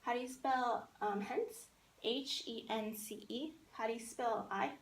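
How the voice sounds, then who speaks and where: Teacher, female, patient and repetitive, spells words aloud, a bit of vocal fry. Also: a little high. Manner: spells words out slowly, repeats for learners. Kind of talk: classroom poetry lesson. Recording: echoey room with faint noise.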